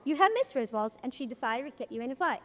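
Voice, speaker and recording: Narrating a school play, a young woman addresses the audience head-on with wry storytelling. She talks fast, her fairly high voice full of lively intonation, and the sound is picked up from afar in an echoey auditorium.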